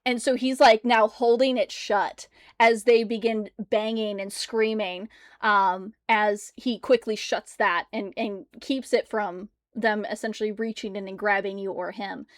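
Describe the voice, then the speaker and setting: A woman's voice: mid-range voice, fairly even intonation, measured pace, no echo, studio quality. A woman narrating a tabletop horror game as game master, adding sound effects as she goes.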